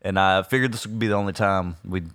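A man's voice: low-pitched, steady tone, fast, fairly bright tone, no echo. A man co-hosting a casual podcast chat, hesitant and full of fillers. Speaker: podcast co-host.

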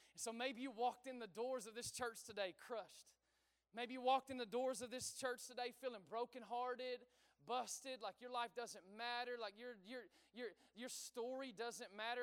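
A man's voice: extremely high pitch, fairly bright tone, clear, resonant tone, in a large hall. A man preaching a sermon in a church, talking conversationally, asking the congregation questions and repeating his phrases. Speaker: pastor.

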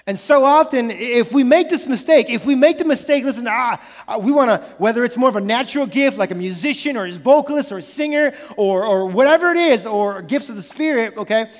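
A man's voice: very high-pitched, expressive, brisk, few pauses, big-room sound. A man preaching a sermon as pastor, earnest and emphatic, repeating key phrases and restarting sentences often.

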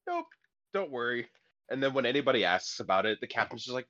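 A man's voice: mid-range voice, big pitch swings, fast talker, a bit bright, muffled recording. A man co-hosting a podcast, chatting playfully and laughing often. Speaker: podcast co-host. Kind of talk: casual comedic chat.

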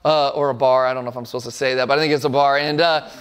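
A man's voice: medium pitch, fairly even intonation, racing, smooth. A man around forty preaching a sermon as a pastor, earnest and emphatic, repeating phrases for effect.

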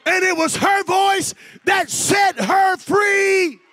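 A man preaching a sermon, shouting in a sing-song cadence with "uh" breaths between phrases. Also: very high-pitched, slow.

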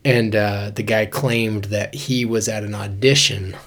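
A man's voice: lowish voice, fairly even intonation, unhurried, a bit bright. Laid-back man telling stories. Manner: laid-back storytelling, says dude and bro. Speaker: podcast co-host. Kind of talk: casual chat.

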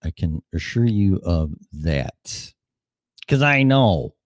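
A man's voice: low voice, big pitch swings, takes it slowly, no room sound. Male solo podcast host, dry close sound, scattered and self-mocking, swears freely. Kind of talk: casual rambling solo show.

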